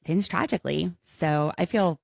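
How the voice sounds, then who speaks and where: Woman podcast co-host, attorney, low voice, gravelly, chatty, quick quips, dry close sound. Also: dry recording. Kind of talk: casual podcast chat.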